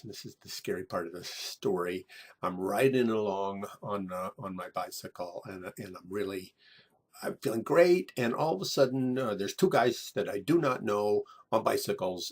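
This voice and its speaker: Gravelly man telling a halting story. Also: fairly low pitch. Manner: halting, repeats words, many restarts. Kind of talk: personal story told over photos.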